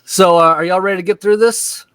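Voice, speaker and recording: A man casually recapping a cartoon episode, excitable and profane, acting out the scenes in quick put-on voices. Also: high voice, clear, resonant tone, dry recording, clean studio sound. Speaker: podcast co-host.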